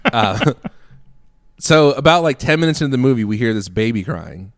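This man co-hosts a podcast, speaking at normal speed in a medium pitch with lively intonation. The studio-quality recording is dry as he tells a story in easygoing conversation, laughing frequently.

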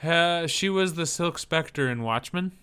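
A man co-hosts a casual chat in a bright, forward voice. His talk wanders and hesitates, with a dry sense of humor. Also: on the high side, expressive, measured pace, clean tone. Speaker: podcast co-host. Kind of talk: casual chat reacting to movie trailers.

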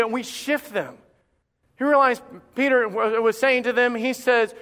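A male pastor preaching a sermon in a church, impassioned and emphatic with dramatic pauses. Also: very high-pitched, steady tone, a bit bright. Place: church sanctuary. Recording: long reverb of a church hall.

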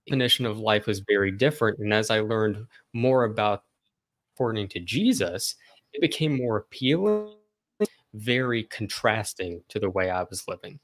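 A young man speaks as a guest on a casual podcast, his voice sitting fairly low. He explains himself earnestly and at length, in a friendly, open manner. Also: animated, moderate pace, fairly bright tone, soft background music. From American South. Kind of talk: casual interview chat.

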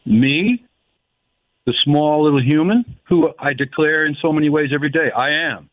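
Male phone-in caller, halting and reflective, dry tinny phone line. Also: fairly high pitch, no room sound. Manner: halting, reflective, slows to stress quoted phrases. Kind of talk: phone-in call.

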